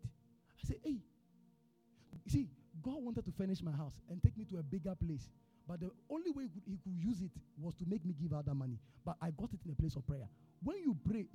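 A Ghanaian pastor delivers a sermon in a high, very expressive voice that climbs and drops with his story. He drops to a near hush, then bursts out loud. Faint music sits underneath him in the church. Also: slightly rough. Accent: Ghanaian English. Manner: animated storyteller, swings from hushed to shouting.

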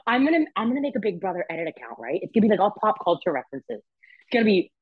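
A woman talks as a podcast guest with a bouncy, lively voice that swings up and down in pitch. She laughs often and acts out quoted reactions. Her recording is dry and a little muffled, with a lo-fi edge. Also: rapid-fire, husky, no echo. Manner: expressive, bouncy, laughs a lot. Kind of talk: casual chat. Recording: dull, dry lo-fi sound.

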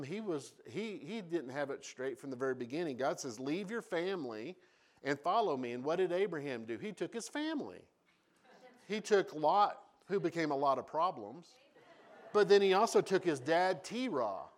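A man preaching a sermon, telling Bible stories with humorous asides and acting out the voices of the people in them. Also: a little high. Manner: animated storytelling with acted-out voices. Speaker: pastor.

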